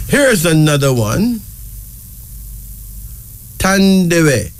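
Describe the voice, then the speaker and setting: A man hosting a casual talk show, slowly spelling out each name letter by letter and repeating words for emphasis. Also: a little high, big pitch swings, dry recording. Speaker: show host. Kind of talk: casual talk presenting names.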